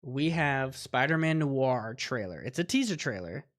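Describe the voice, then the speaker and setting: A man's voice: medium pitch, animated, measured pace, fairly bright tone. A man hosting a casual livestream chat, rambling as he reacts aloud to clips. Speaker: host.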